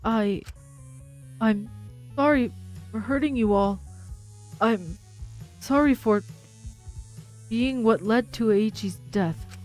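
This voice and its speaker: A woman's voice: on the high side, slow pace, pauses often, a little mellow, faint music behind, low-quality recording. A woman voicing a silly teenage boy TV personality who speaks in an overly formal, goofy way. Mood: apologetic.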